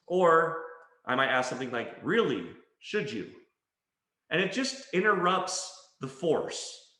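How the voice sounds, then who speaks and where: A man's voice: a little high, bright, forceful tone. A man giving a motivational talk on language, speaking emphatically, calling listeners guys and mimicking whiny complaints. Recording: echoey room.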